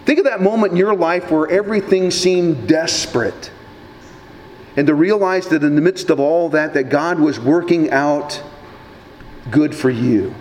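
A man's voice: fairly high pitch, a little slow, a little mellow. A man preaching a sermon in a conversational, folksy way with casual asides. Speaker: pastor. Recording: long hall reverb, faint background noise.

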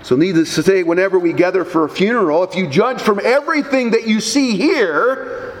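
A male pastor giving a funeral sermon, dramatic, swinging between loud emphatic highs and low quiet drops, firing rhetorical questions at the mourners. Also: normal speed. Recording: long hall reverb, faint background noise.

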